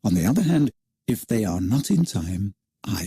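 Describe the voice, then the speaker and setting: A man narrating a children's storybook aloud in an expressive, animated reading style. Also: fairly low pitch, moderate pace, breathy edge, no echo, studio quality.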